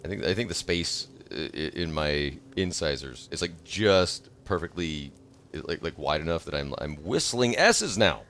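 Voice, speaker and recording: A man in his thirties chatting casually on a livestream, rambling from thought to thought and bursting into excited shouts. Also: very deep voice, normal speed, a little hiss or hum. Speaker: streamer.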